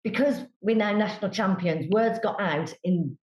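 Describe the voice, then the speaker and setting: A woman, a brass band member calmly explaining plans as a podcast guest. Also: medium pitch, normal speed. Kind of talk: casual chat. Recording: roomy dull-sounding mic.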